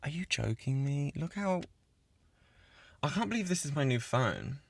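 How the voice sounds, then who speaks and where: A man hosting his own podcast in casual chat, gushing and swearing a lot as he gets excited. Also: a little high, normal speed, creaky. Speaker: podcast host. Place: cabin in the woods.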